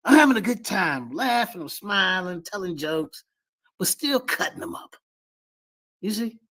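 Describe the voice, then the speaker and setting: A man's voice: high-pitched, animated, measured pace, pushed and bright. A man streaming live commentary on debate clips, boasting and mocking his opponents while talking to his chat. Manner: boastful, mocking, repetitive, addresses chat as "y'all".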